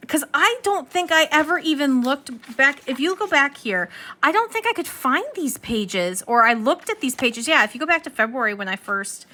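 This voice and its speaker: A woman's voice: high-pitched, expressive, moderate pace, pushed and bright. A young woman vlogging about her planners in a rambling, self-interrupting casual chat. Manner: scattered, self-interrupting, talks to her dog.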